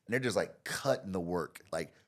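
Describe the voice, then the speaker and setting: An American man talking with a fairly low voice that swings widely and expressively. He is a guest on a podcast, an expert explaining ideas through stories and playing out the other people in them. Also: normal speed. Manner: animated, acts out quoted people with big jumps in voice. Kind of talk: conversational interview storytelling.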